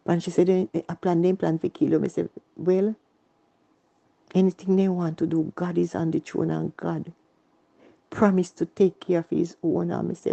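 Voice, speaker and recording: Jamaican lady telling her story, gravelly, flat voice, muffled lo-fi stream. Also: on the low side. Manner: earnest, repetitive, speaks in Jamaican Patois. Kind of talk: emotional personal testimony.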